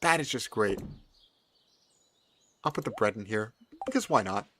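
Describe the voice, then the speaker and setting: A man's voice: lowish voice, moderate pace, slight background noise. A man giving casual, playful commentary while he plays a farming video game. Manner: animated, playful, chatty. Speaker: gaming video host.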